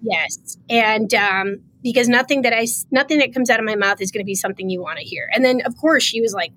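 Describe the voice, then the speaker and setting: A woman who is a state official appears as a podcast guest, emotionally telling a story in conversation and animatedly acting out the quoted lines. She speaks briskly with few pauses in a fairly high voice.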